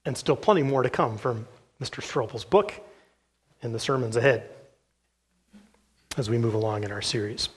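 A man preaching a sermon as pastor, reading case accounts aloud from a book in an earnest, steady way with the odd "uh". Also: medium pitch, moderate pace, long pauses, husky.

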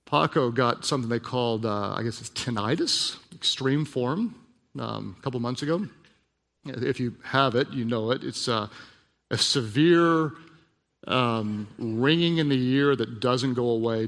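A man preaching a sermon, telling a personal story in a hushed voice and then building to emphatic, repeated lines. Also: mid-range voice, unhurried. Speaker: pastor. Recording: long hall reverb.

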